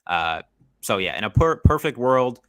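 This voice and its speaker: A man appearing as a guest on a sports podcast, talking in a measured way and thinking aloud with lots of fillers. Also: mid-range voice, very animated, fairly bright tone, no room sound, clean studio sound. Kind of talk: casual sports podcast chat.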